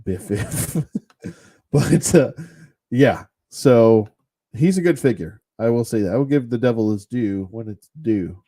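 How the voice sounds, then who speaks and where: A man's voice: medium pitch, animated, unhurried, warm tone. A man casually reviewing action figures off the cuff, rambling and blunt, with some mild cursing. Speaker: toy collector reviewer. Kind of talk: casual unscripted toy review.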